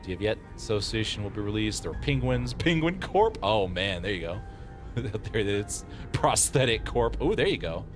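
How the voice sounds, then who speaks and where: A male streamer giving live game commentary, playful and quick to laugh, with lots of exclamations. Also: fairly low pitch, big pitch swings, music in the background.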